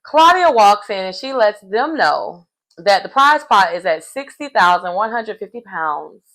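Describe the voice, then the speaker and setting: Animated woman recapping reality TV. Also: mid-range voice, a little slow, rough recording. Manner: animated storytelling, acts out quotes. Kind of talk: casual episode recap.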